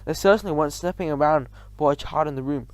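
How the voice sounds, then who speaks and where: A man reading a children's novel aloud in an animated storytelling manner. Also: fairly high pitch, quick pace, no echo. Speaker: reader.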